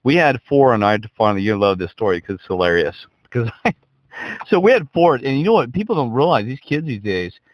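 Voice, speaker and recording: An older man co-hosting a casual chat, teasing and cutting in with quick remarks. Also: mid-range voice, very animated, dry recording, poor audio. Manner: teasing, interjecting.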